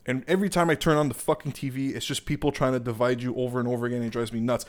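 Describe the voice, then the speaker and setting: A young man with a Canadian accent rants casually, swearing freely and wandering off on tangents. His pitch sits in the middle range, and he talks in a worked-up, conversational way. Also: flat delivery, rapid-fire, few pauses. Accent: Canadian English. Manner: profane, rambling, heated, digresses often. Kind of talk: casual political rant.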